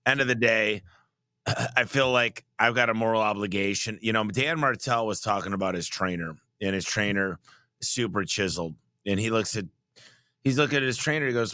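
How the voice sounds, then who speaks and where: A man hosts a casual podcast chat, earnest and anecdotal. His voice is low yet bright and forceful, recorded dry and up close. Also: moderate pace, no echo. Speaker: podcast host.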